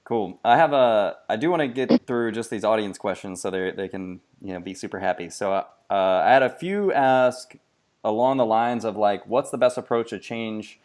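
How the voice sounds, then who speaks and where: Casual upbeat male podcast host, relaxed interviewer delivery. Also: fairly low pitch. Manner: casual, upbeat, quick laughs.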